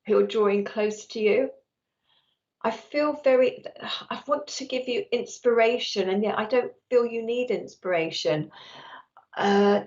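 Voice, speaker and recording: A woman's voice: on the high side, darkish tone, highs cut off. A woman working as a psychic medium, giving a live-streamed reading and talking nonstop in an effusive, chatty way.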